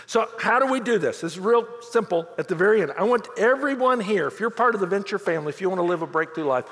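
A middle-aged man preaching a sermon as pastor, telling stories with lively quoted voices. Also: high voice, fast, long reverb tail. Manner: animated storytelling with quoted voices.

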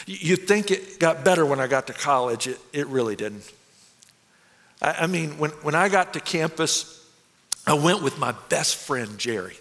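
Man, earnest, confessional sermon monologue, stammering restarts, fairly high, animated, echoey hall. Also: moderate pace. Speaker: dramatic monologue performer. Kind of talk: first-person dramatic sermon monologue.

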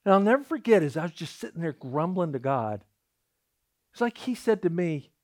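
Animated preaching man with lively pitch. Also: fairly quick. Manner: storytelling, acts out quoted voices, repeats words when starting. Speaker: pastor. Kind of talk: sermon.

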